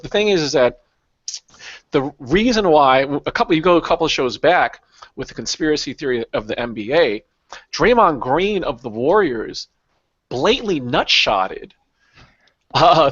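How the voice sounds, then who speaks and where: A man's voice: a little high, fairly bright tone, dry recording, muffled recording. Sarcastic man hosting a talk show. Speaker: podcast host. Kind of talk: casual chat.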